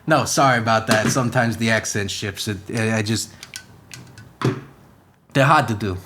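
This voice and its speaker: A man's voice: on the low side, normal speed, fairly bright tone, slight background noise, pitched below the performer's own voice, natural voice. A man playing Spider-Man as a profane, rambling superhero in a comedy podcast rant, firing off rhetorical questions in a put-on accent that keeps slipping. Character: brash profane young male superhero, ranting.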